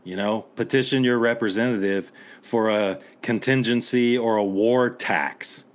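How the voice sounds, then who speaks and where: A man's voice: lowish voice, fairly even intonation, unhurried. Angry, blunt middle-aged man. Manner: angry, blunt, swears, rallying listeners. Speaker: podcast co-host. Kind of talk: impassioned podcast commentary.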